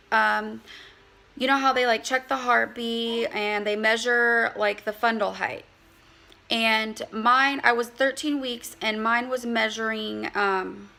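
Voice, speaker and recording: A woman's voice: on the high side, gravelly, sharp tone, rough recording. A woman in her thirties chatting casually to camera in a rambling way, full of fillers, slightly out of breath. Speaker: vlogger, mother of a large family.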